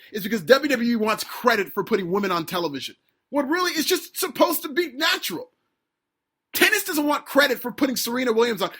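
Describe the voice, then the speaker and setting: Hosting a solo podcast, a man delivers an opinionated rant full of sarcastic emphasis, often climbing nearly to a shout. His slightly husky voice leaps lively between low grumbles and sharp peaks.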